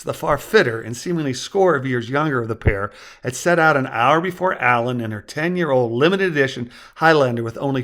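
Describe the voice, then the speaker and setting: A man narrating his own story aloud with measured, wordy storytelling. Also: mid-range voice, a bit bright. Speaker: author and narrator.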